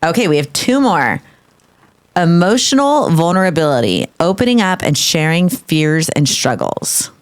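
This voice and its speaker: A woman co-hosting a podcast with her husband, relaxed and chatty, reading out list items. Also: fairly low pitch, moderate pace. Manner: relaxed, reads list items aloud, lively. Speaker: co-host, wife, full-time mother. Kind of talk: casual couple's podcast chat.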